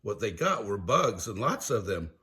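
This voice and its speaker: An older man reading a children's storybook aloud in a slow, animated storytelling manner. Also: on the low side. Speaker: storybook reader.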